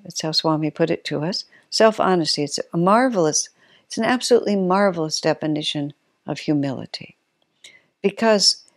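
A woman giving a reflective spiritual talk. She pauses thoughtfully, searches for her words and corrects herself. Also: on the low side, no echo, clean studio sound.

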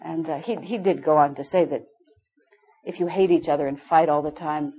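A woman's voice: sits low, moderate pace, mellow, husky, highs cut off. A middle-aged woman teaching a spiritual class, telling candid stories with frequent laughter. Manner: candid, storytelling, laughs often. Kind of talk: informal spiritual class talk.

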